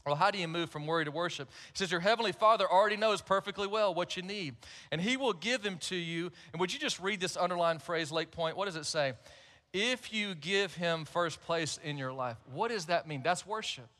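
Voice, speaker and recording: Male pastor, high bright voice, chatty storytelling sermon in a big church. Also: a little fast. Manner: conversational storytelling, warm humor. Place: large church.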